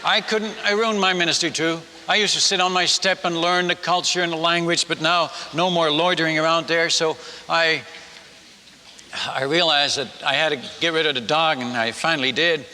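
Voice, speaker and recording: An older man from the Netherlands, a missionary telling a humorous sermon story, animated and acting out the people in it. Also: on the high side, moderate pace, slight background noise. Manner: animated, acts out villagers and his wife in quotes. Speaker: missionary speaker. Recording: long hall reverb.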